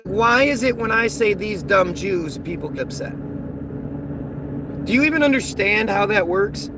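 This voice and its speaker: A man from the United States livestreaming from a car as he drives, reading viewers' chat aloud and ranting in rambling, repetitive talk. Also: high voice. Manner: rambling, repeats words, ranting. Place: inside a car while driving. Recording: car and road noise behind.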